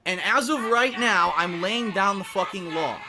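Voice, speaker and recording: A man's voice: high voice, normal speed, music in the background. A man giving an emotional, indignant speech to camera as a content creator, repeating himself for emphasis.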